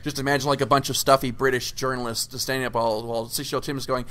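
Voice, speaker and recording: Bright-toned male podcast host, casual and rambling. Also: mid-range voice, little pitch movement, rapid-fire. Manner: rambling, many fillers and restarts, swears casually.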